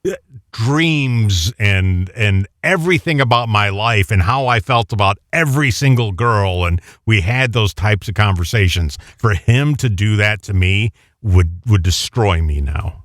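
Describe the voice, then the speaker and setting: A man's voice: fairly low pitch, unhurried, a bit bright, no room sound, clean studio sound. A man co-hosting a casual talk show, making his points in an emphatic, insistent way. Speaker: co-host. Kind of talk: casual chat.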